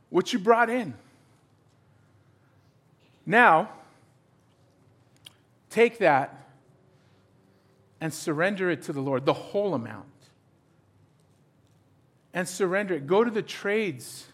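Middle-aged guy pastor preaching, high voice bouncing all over, acts out convos. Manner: animated, acts out dialogue with voices. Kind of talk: sermon.

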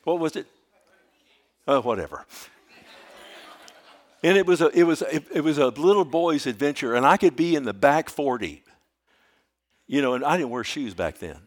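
An older man, preaching a sermon in a folksy storytelling way that swings from hushed to loud. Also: fairly high pitch, animated, moderate pace, long pauses. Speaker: pastor.

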